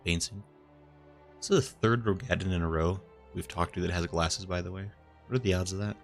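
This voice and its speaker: A man's voice: low-pitched, fairly even intonation, brisk, soft background music. A man streaming a video game, chatting casually and reading viewer comments aloud with an easy, chuckling manner.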